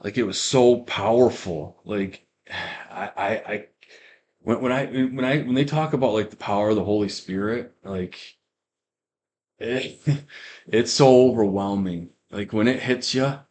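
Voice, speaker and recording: A man's voice: on the low side, a little slow, a little mellow. A young man telling a personal faith testimony on a podcast, rambling, with many restarts and fillers. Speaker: guest giving a testimony.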